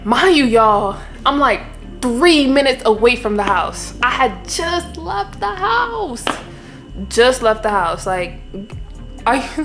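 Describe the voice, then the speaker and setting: A young woman, telling a story in an animated, exasperated way and often addressing viewers directly as a vlogger. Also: on the high side. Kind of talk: storytime vlog.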